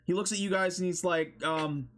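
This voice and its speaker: A man's voice: high voice, steady tone, moderate pace, a bit bright, a little hiss or hum. A man narrating as game master in a tabletop game, rambling loosely with many fillers.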